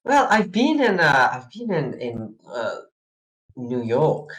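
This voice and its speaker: A flustered, evasive male professor, as a player puts him on stumbles through his answers with stammers and fillers. His pitch swings about a great deal while his register stays middling. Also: sing-song, slow, fairly bright tone, poor audio. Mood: hesitant. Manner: hesitant, full of stammers and fillers.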